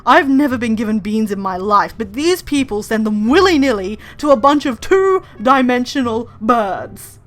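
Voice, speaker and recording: A woman's voice: on the high side, animated, normal speed, hardly any pauses, soft background music, natural voice. A woman voicing a self-important male bird editor-in-chief from a game, complaining in an outraged, pompous tone. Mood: indignant.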